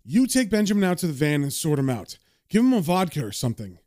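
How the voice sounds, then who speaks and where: Brief: cocky young magician, brash and slangy, read by a man, fairly high voice, dry sound. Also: big pitch swings, fast, darkish tone, dry recording.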